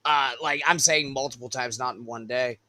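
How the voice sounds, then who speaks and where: A man's voice: medium pitch, steady tone, normal speed. A man co-hosting a casual podcast, telling crude school stories with lots of swearing. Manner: profane storytelling, loud bursts. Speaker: podcast co-host. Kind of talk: casual chat.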